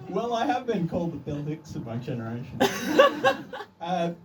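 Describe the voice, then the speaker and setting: A man's voice: sits high, wildly swooping pitch, slow. An Australian man with an Australian accent performing a stand-up comedy set in a dry, self-deprecating way. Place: comedy club stage. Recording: distant club recording with room noise.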